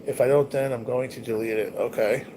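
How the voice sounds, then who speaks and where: A man's voice: medium pitch, fairly even intonation, a little fast. A man hosting a casual livestream, chatting bluntly to viewers with lots of swearing and slang. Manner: blunt, profane, rambling talk to viewers. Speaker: livestream host. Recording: noticeable background noise.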